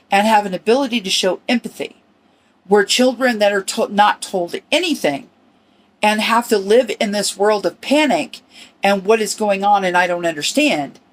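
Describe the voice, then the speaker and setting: A middle-aged woman talks in an earnest, personal podcast monologue. She speaks in short phrases with small restarts, reflective and sincere, her voice sitting at an ordinary pitch for a woman. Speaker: podcast host.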